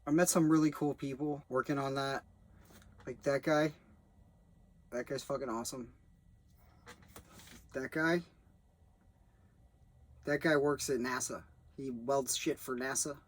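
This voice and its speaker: A man's voice: medium pitch, steady tone, unhurried, pauses often. A young man rambling in a loose, profane way as he reviews a film he worked on as a background actor. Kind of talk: rambling casual monologue.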